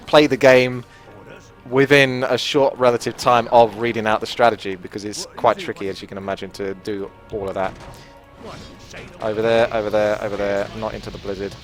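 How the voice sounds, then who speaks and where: A man giving casual gameplay commentary, chatty and self-deprecating, often laughing at himself. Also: on the low side. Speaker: gaming commentator.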